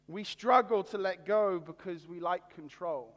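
High-voiced pastor preaching in a reverberant hall. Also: male voice, fairly even intonation, a bit bright. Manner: earnest, deliberate preaching with slow dramatic pauses. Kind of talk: sermon.

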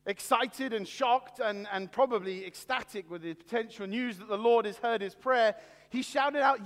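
A male pastor delivering a sermon to people watching, earnest and deliberate with slow dramatic pauses. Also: high-pitched, a bit bright. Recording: long hall reverb.

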